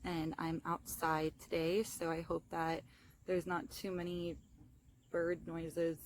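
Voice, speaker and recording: A woman's voice: lowish voice, monotone, takes it slowly, slight background noise. A young woman with a lisp, chatting casually and apologetically outdoors in a self-help vlog, with lots of fillers. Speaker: vlogger.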